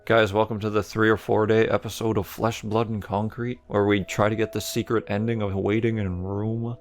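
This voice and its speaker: A man's voice: on the low side, flat delivery, normal speed, soft background music. A man hosting a let's play, reacting to a game with wry, joking commentary. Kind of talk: casual gameplay commentary.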